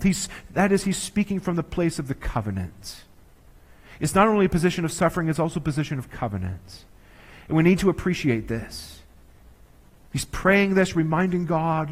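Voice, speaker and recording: A man preaching a sermon, earnest and measured, slowing down to stress key phrases. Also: on the high side, animated, a bit bright. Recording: long reverb of a large hall.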